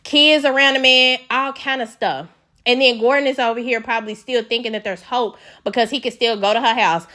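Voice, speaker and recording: Woman, fairly high voice, casual reality TV recap host, sassy and blunt, full of slang. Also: steady tone, fairly quick, pushed and bright.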